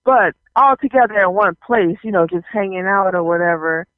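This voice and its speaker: A man from the South, telling stories in casual, animated talk-show chat, leaning on lots of "you know"s and laughs. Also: sits high, moderate pace, dry recording. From Southern US, New Orleans area. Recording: tinny phone-like sound.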